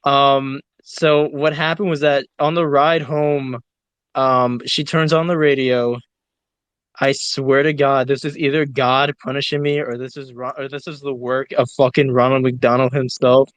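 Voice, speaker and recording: A man's voice: medium pitch, measured pace, smooth, no room sound. A man telling a long story in a casual online voice chat, rambling and swearing as he talks. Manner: rambling, heavy swearing, animated retelling. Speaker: audio chat participant.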